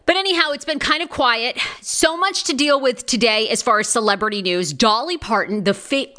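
Chatty, bright-voiced woman podcast host. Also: fairly high pitch, moderate pace. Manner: chatty, gossipy, animated. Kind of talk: live celebrity gossip podcast.

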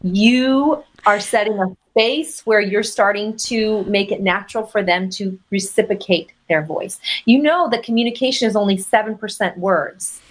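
A woman's voice: mid-range voice, normal speed, hardly any pauses. Emphatic woman giving dating advice. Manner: emphatic, acts out sample messages in quoted voices. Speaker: dating coach. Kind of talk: advice talk on a podcast.

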